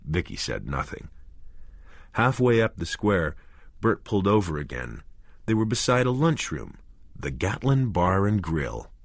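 A man reads a horror audiobook in a slow, measured way. His low voice moves around a lot in pitch. The recording is close and dry. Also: very animated, no echo. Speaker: audiobook narrator. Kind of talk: audiobook narration.

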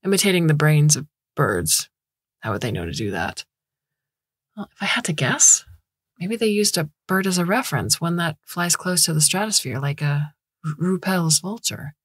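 A woman voicing a calm, wry woman scientist explaining her ideas. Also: sits low, normal speed, husky, dry recording, studio quality, full character voice. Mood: earnest.

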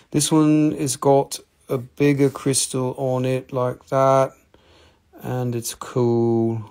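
A man hosting a casual live rock and mineral sale, rambling and joking, teasing viewers by name, and drifting into quiet murmurs as he handles the specimens. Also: medium pitch, vocal fry. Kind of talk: casual live sales chat.

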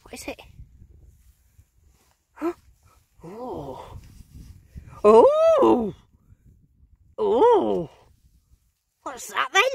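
High lively woman chatting out in a field. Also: drawn-out words, vocal fry, long pauses, breathy edge. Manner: bubbly, chatty, talks to her finds. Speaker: metal detecting vlogger. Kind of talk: excited running commentary while digging. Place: open field outdoors.

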